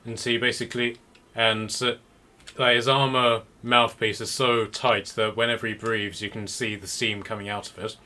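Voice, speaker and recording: A man narrates as game master for a tabletop group. His voice is bright and forceful, and he rambles through his scenes with restarts and fillers. A faint hiss sits under the recording. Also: lowish voice, flat delivery, normal speed.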